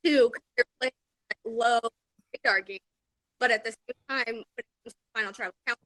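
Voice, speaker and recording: A woman's voice: on the high side, brisk, fairly bright tone, no echo. A woman calling in to a live show, eagerly asking a long question. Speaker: caller.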